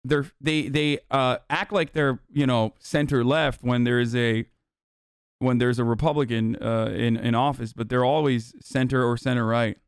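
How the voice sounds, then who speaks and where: A political streamer does heated, profane livestream commentary, rambling through restarts as he reacts to chat. His medium-pitched voice is clear and resonant, steady in tone at normal speed, in clean studio sound without echo.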